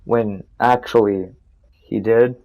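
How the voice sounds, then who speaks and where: A man's voice: lowish voice, steady tone, slow pace, dull audio. Rambling, profane teenage boy. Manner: rambling, profane, restarts often. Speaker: gaming storytime narrator. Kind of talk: casual storytime over gameplay.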